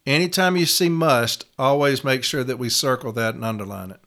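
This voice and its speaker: Emphatic bright-voiced man teaching. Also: medium pitch, fairly quick, hardly any pauses. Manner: emphatic, stresses single words and repeats them. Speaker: union advocate and trainer. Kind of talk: instructional talk.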